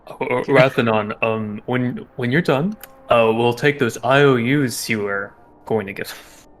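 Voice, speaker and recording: A man playing a tabletop game, speaking relaxed and plainly in character. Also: medium pitch, a little slow. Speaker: player. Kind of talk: casual in-character talk at a game.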